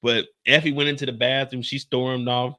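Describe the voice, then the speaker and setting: A man's voice: medium pitch, level tone, normal speed, sharp tone. A man hosting a casual TV episode recap, telling it in a brash, profane style with personal asides. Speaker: TV recap host.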